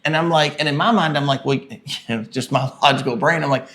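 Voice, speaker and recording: A man's voice: fairly high pitch, fast talker, a bit bright. A man co-hosting a casual podcast with his wife, chatty and self-deprecating, acting out what he said in quotes. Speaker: podcast co-host, pastor. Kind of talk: casual conversation.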